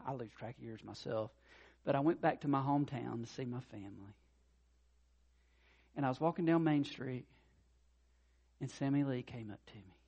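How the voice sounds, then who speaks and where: A middle-aged man preaching a sermon as pastor, earnest, dropping soft and low then rising to loud impassioned peaks. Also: normal speed, creaky, pauses often, husky, highs cut off. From North Carolina.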